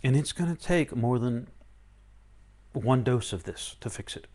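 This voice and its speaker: A man giving a live-streamed spiritual talk, animated and playful, often acting out excited inner voices. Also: mid-range voice, a little slow. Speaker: spiritual teacher.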